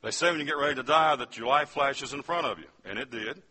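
Man telling his testimony in a sermon, bright sharp voice, kinda husky, keeps asking the crowd stuff. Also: mid-range voice, fast. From West Virginia. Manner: storytelling, addresses the audience directly. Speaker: speaker giving a testimony.

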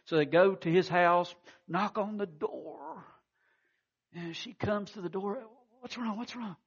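A man's voice: sits high, takes it slowly, creaky, slightly rough, highs cut off. A man preaching a sermon, telling stories with acted-out quotes and frequent restarts. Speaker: pastor.

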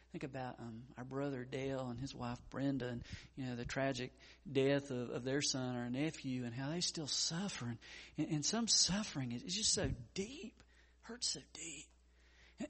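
A male pastor preaching a sermon, with frequent stammered restarts and wide swings between loud urgency and hushed tenderness. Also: medium pitch, breathy edge.

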